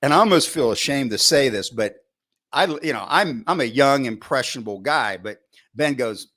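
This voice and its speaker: A middle-aged football coach, interviewed on a podcast, narrates coaching stories at medium pitch and moderate speed. His animated telling includes acting out his past thoughts, plenty of restarts, and many "you know" fillers.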